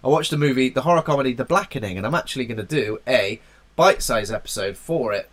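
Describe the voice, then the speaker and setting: A man's voice: mid-range voice, expressive, fast, a bit bright. A man from England with a cold, co-hosting a podcast in a chatty, joking way and sometimes hunting for words. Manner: chatty, jokey, loose with wording. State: has a cold. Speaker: podcast co-host. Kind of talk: casual podcast chat.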